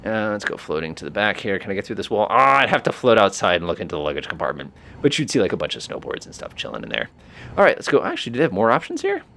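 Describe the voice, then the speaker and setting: A man hosting a flight simulator walkthrough, talking casually in an excitable, amused way with plenty of fillers. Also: on the low side, racing, gravelly. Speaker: flight simulator video host.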